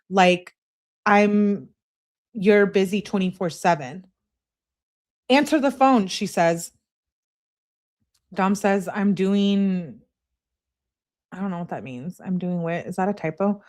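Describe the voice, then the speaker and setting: A woman reads text messages aloud for a live stream, voicing both sides. She is animated and breaks off now and then for a wry aside of her own. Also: fairly low pitch, unhurried, pauses often.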